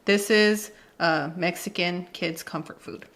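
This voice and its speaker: A woman's voice: on the low side, steady tone, measured pace, fairly bright tone, slight background noise. A woman in her thirties hosting a casual home cooking video in her kitchen, chatty and playful, dropping in Spanish words as she talks. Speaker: cooking channel host.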